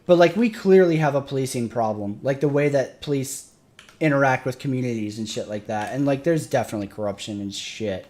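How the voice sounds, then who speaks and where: A man's voice: mid-range voice, brisk, a little mellow. A man, a military veteran, chatting casually on a stream and ranting with lots of profanity. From Michigan. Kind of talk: casual chat.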